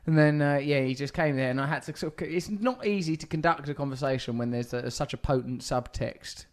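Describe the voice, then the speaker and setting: A man's voice: a little high, fairly quick. A man hosts a comedy podcast in a slightly raised voice. He spins a rambling anecdote in a wordy, mock-formal way, stumbling and restarting as he goes. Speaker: podcast host.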